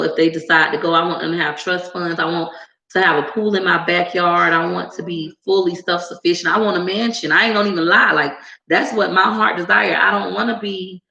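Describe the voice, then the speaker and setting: A woman YouTuber in casual, sassy talk with viewers, animated and quick to put on voices when she quotes people. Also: vocal fry, roomy sound, dull audio. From United States. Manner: animated and sassy, jumps into high squeals when acting out others. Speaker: YouTuber answering viewer comments. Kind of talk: casual chat to camera.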